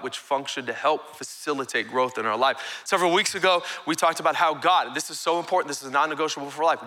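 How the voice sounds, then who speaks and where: A male pastor delivers a live sermon with a very bright, ringing tone. He preaches with energy, drawing amens from the congregation. His voice sits a touch high for a man. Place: church sanctuary.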